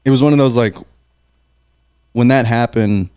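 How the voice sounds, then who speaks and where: A man's voice: mid-range voice, moderate pace, darkish tone, clean tone, no room sound, studio quality. A man as a podcast guest, telling a personal story in a loose, candid way with swearing and filler words. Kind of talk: casual storytelling.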